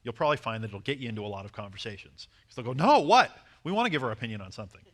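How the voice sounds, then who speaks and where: A man coaching a seminar audience on dating, animated and acting out short bits of dialogue. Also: lowish voice, racing. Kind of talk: seminar talk to a live audience.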